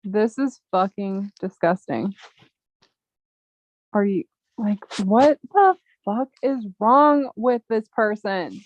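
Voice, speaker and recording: Profane, fast-ranting woman chat host. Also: medium pitch, expressive, no echo, lo-fi sound. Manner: angry, profane, rambling. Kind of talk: casual livestream chat.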